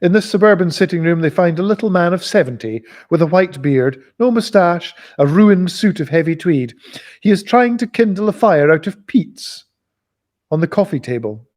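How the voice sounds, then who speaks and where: A man reading a novel aloud in a live reading, expressive and giving the characters voices. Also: high voice, moderate pace. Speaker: audiobook reader.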